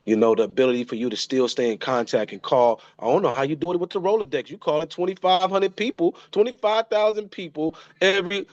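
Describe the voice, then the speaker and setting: A man's voice: a little high, fast, no room sound, dull audio. A man in his thirties paying an emotional tribute to his father, often repeating and restarting his phrases. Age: 30s. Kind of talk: heartfelt spoken tribute.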